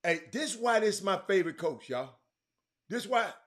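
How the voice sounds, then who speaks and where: A man's voice: high voice, expressive, moderate pace, fairly bright tone. A middle-aged man hosts a casual sports talk stream, reading viewer comments aloud and often dropping to a mutter. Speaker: sports talk show host.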